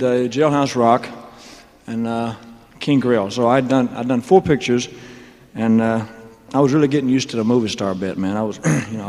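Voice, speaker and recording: On a live stage, a man rambles through his career story with mumbled asides, wisecracks, and chuckles, his medium-pitched voice on the darker side. Faint crowd ambience fills the hall, along with a little hiss or hum.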